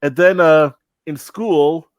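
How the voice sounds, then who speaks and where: A man's voice: a little high, slow, no room sound. A young man co-hosting a casual chat, rambling with many fillers and restarts. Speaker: podcast co-host.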